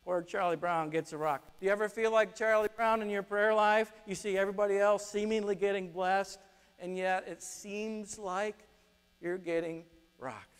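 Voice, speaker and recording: A man preaching a sermon, telling stories with lively acted-out quotes. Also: high-pitched, normal speed, clear, resonant tone. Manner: animated storytelling, acts out quotes. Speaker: pastor. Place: church sanctuary. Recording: long reverb of a church hall.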